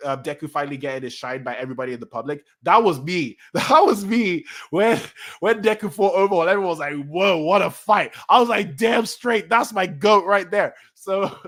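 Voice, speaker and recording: A man streaming a casual manga reaction, rambling excitedly and correcting himself as he goes. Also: a little high. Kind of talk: casual live-stream talk.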